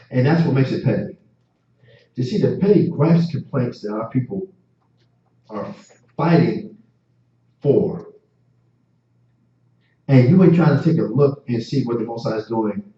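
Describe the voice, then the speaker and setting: A man's voice: medium pitch, measured pace, long pauses, dark tone. Man, teacher-preacher, fervent and repetitive; distant, roomy lo-fi sound. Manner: impassioned, repetitive, stammering restarts. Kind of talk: street-preaching class sermon. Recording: distant, echoey, dull lo-fi.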